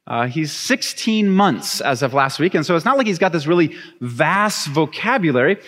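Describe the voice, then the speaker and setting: A young adult man preaching a sermon, reading scripture and then telling a chatty, animated story with laughs. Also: on the high side, normal speed. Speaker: pastor. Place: church sanctuary. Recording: long reverb of a church hall.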